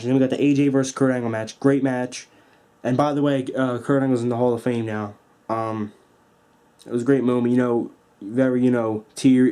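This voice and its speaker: Excitable young man ranting about wrestling. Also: medium pitch. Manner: excited, profane, acts out moves with sound effects. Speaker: wrestling vlogger. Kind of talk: casual review rant. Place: at home at a table.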